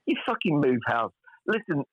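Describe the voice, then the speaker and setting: A man's voice: fairly high pitch, big pitch swings, normal speed, dry recording. A man, a chef guest talking bluntly and swearing freely in a casual podcast chat. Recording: dull lo-fi sound.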